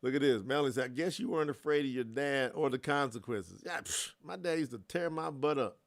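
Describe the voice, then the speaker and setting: Animated Southern man hosting a livestream. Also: medium pitch, a little fast, vocal fry. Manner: animated, laughing, talks to the chat. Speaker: life coach, livestream host. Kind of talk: casual livestream chat.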